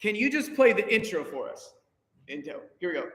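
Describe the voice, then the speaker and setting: A man's voice: high voice, a little fast. A man leading a choir rehearsal, counting in and singing phrases to show the singers how they go. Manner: animated, counts in and sings phrases to demonstrate. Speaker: choir director. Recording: reverberant hall recording with music. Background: instrument accompaniment.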